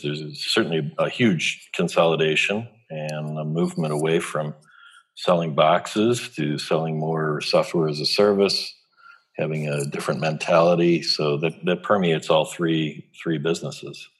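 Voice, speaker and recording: Man, interview guest, very low voice, husky, hesitant, lots of fillers. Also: fairly even intonation, a little slow. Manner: hesitant, many fillers and restarts. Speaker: guest, executive coach. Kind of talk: conversational interview.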